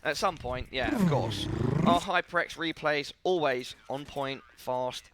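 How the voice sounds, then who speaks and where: A man doing playful, excitable live commentary on a team shooter match, joking with his co-caster. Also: medium pitch, a little slow, very noisy. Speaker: esports caster.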